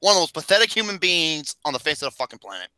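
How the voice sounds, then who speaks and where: Excitable, swearing male co-host with a swooping voice. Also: on the high side, rapid-fire, slight background noise, poor audio. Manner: loud, excitable, laughs a lot, swears freely. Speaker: podcast co-host. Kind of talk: casual podcast banter.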